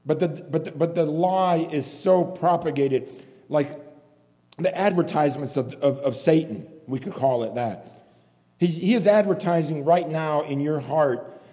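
A man's voice: on the high side, unhurried, warm tone. A man preaching a sermon in a church, pleading and impassioned, repeating his phrases for emphasis. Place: church hall. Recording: long hall reverb.

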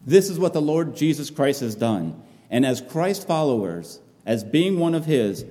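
A man's voice: medium pitch, dark tone. Man preaching in an echoing hall. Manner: impassioned, repeats phrases for emphasis. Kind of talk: sermon. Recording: long reverb of a large hall.

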